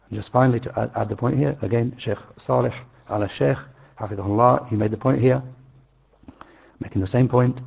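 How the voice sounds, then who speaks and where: A man teaching a religious study class, explaining slowly and repeating key phrases for his listeners. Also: mid-range voice, gravelly, darkish tone, slightly rough, dull audio.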